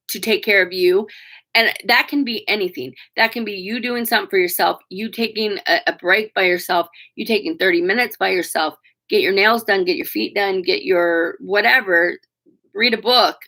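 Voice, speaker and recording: A woman in her forties with a bright, forceful voice talks straight to her viewers in a live stream. She is candid and emotional, with plenty of fillers and a few swear words along the way. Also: mid-range voice. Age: 40s. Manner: frank, emotional and chatty, with frequent fillers and swearing. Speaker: vlogger talking to viewers.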